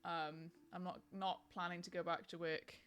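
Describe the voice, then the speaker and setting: A woman's voice: lowish voice, flat delivery, normal speed, a bit bright, clean tone. A young woman chatting casually on a live stream, rambling with lots of ums and likes.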